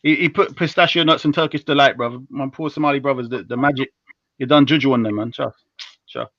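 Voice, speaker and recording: A young man hosting a live stream, talking in slangy, teasing, heated casual banter that jumps between loud and low. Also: fast talker, dry recording. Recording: dull lo-fi stream audio.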